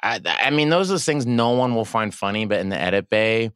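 A man guest on a podcast telling animated stories about filming, acting out the people he quotes. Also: on the low side, brisk, clear, resonant tone, no room sound, clean studio sound. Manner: animated, acts out quoted voices. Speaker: guest actor and director. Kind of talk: casual storytelling chat.

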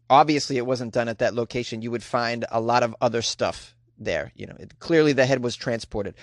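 A man's voice: mid-range voice, dry recording, studio quality. A man hosting a comedic weird-news show, reading stories aloud and riffing on them with sarcastic, mock-outraged asides. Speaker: host.

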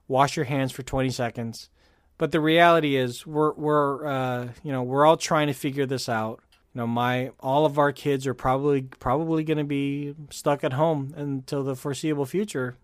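A man from California talks in a loose, rambling podcast chat, full of ums and restarts. His voice sits at an ordinary middle pitch. The sound is dry and close, with no room around it. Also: no room sound. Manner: chatty, rambling with fillers and restarts. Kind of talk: casual chat.

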